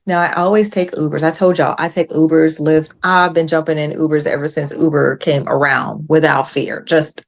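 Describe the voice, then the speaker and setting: A woman guest on a podcast, telling a story in casual chat and acting out the quotes with lively jumps in her voice. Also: low voice, normal speed, hardly any pauses. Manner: animated retelling with acted-out quotes.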